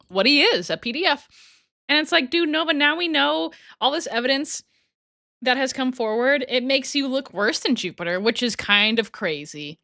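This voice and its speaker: A woman's voice: high voice, bright, forceful tone, dry recording, studio quality. A woman hosting a casual livestream, reading super chats aloud in a giggly, chatty way that often trails off and restarts. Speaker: livestream host.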